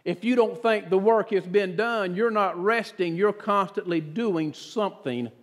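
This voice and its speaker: A man preaching a sermon as pastor, earnest and dramatic, dropping often to a hushed voice. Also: sits high, unhurried. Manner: earnest, dramatic preaching with sudden drops to a hush. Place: church sanctuary. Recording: reverberant church sanctuary.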